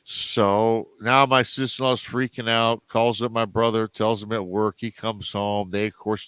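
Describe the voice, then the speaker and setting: A man telling a story as a podcast guest in a casual way, animated, jumping up in pitch whenever he acts out what others said. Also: a little slow, clear, resonant tone, no room sound. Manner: animated, acts out quoted voices with big pitch jumps.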